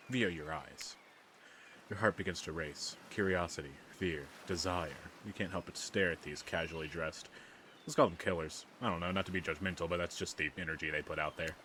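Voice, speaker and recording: A man's voice: deep voice, fairly quick, background noise. A man reading a dating game's text aloud and adding wry, self-deprecating comments. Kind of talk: let's play reading and commentary. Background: game music.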